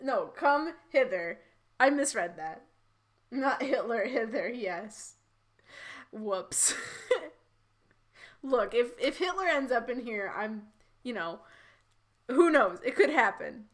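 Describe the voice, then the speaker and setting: A woman's voice: fairly high pitch, animated, takes it slowly, pauses often. A woman streamer reading fan fiction aloud and commenting in a rambling, giggly, incredulous way. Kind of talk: live-read with commentary.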